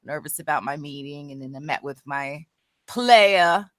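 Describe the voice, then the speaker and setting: A woman's voice: low-pitched, normal speed, no echo, clean studio sound. A woman co-hosting a casual podcast, talking candidly and reflectively with frequent restarts. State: emotional after crying. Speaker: co-host.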